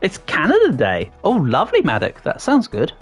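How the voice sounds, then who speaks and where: An Englishman with a somewhat posh accent chats away on a livestream, his pitch bouncing up and down as he reacts to chat. He talks playfully and often trails off into ums before restarting a thought. Faint game music plays underneath. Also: wildly swooping pitch, moderate pace, husky. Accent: English, fairly posh southern English. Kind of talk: casual livestream chat while gaming.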